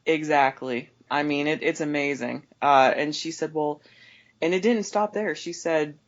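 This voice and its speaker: Her speech is a little slow and the audio is dull. She's an overnight gas station clerk on a podcast, telling an exasperated, meandering customer story full of restarts, and her voice shoots up in pitch whenever she mimics customers.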